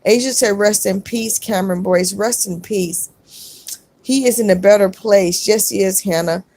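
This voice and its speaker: A middle-aged woman on a casual live stream, reading viewer comments aloud and answering each one warmly. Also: mid-range voice, moderate pace, no room sound. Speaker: vlogger reading live chat.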